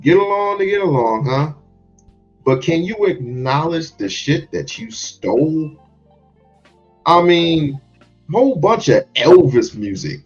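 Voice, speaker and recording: Man, reaction commentary, slow and drawn-out, animated pitch, dull lo-fi sound with faint music. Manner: emphatic, profane, lively questioning. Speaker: reaction channel host.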